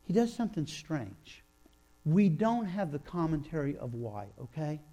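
A man preaching a sermon, retelling scripture in a storytelling way, acting out sighs and quotes and slowing down for emphasis. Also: fairly high pitch, big pitch swings, dark tone. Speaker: pastor.

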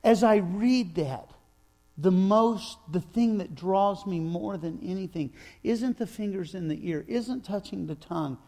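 Man preaching a storytelling sermon; slow and deliberate, with a gravelly tone. Low hum behind. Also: dark tone. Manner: storytelling preacher, acts out sighs and quotes, slows for emphasis. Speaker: pastor.

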